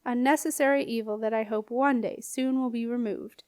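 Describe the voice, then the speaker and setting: A wary, hesitant alchemist who has lived for centuries speaks in old-fashioned phrases, as a woman reader puts him on. The voice sits a little high, and the recording is dry and close. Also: fairly even intonation, normal speed, darkish tone, smooth, dry recording, natural voice. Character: ancient alchemist in a young man's body, wary, archaic.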